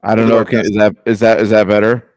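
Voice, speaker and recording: A man's voice: on the low side, flat delivery, fast talker, darkish tone, dry recording. Man co-host, rambles and restarts, casual sports chat on a close, dry call mic. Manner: rambling, apologetic, restarts a lot. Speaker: podcast co-host. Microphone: remote video call.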